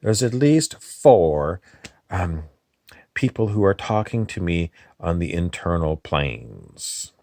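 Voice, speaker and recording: A man's voice: low-pitched, dry recording, studio quality. A man hosting a comedy channel in character, rambling through a meandering comic monologue that halts and drifts off topic.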